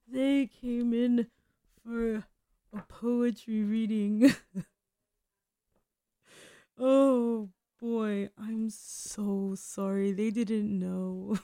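Slow, rambling self-mocking woman radio host. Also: fairly high pitch, fairly even intonation, mellow, clear, resonant tone. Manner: self-deprecating, scattered, laughing and trailing off. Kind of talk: rambling comedic radio monologue.

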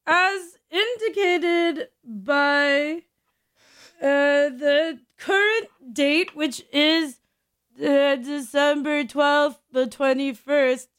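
A woman's voice: high-pitched, drawn-out words, fairly bright tone. A woman hosting a show, delivering a rambling, self-mocking comic monologue and often laughing through her lines. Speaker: show host. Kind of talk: comedic monologue.

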